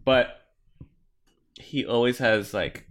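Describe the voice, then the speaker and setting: A man's voice: medium pitch, slow, a bit bright. A man chatting casually about wrestling, blunt and profane, with emphatic remarks.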